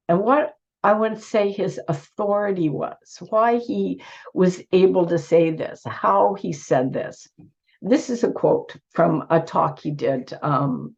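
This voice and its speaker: A woman giving an earnest online talk with slides, her voice squeaky from a cold and her phrasing full of restarts. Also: darkish tone. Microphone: video call. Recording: dull lo-fi video call audio.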